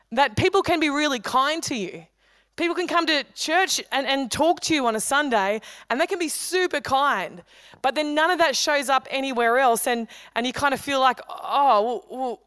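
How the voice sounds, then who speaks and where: A woman pastor giving a sermon at a church service, conversational and humorous with quick asides. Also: high-pitched, animated, a bit bright, dry recording. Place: church hall.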